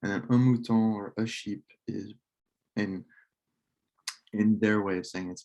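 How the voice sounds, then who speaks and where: A man with a deep, mellow voice teaches a casual slideshow lesson. He talks in a relaxed, halting way and stops to correct himself now and then. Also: vocal fry. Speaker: French club teacher.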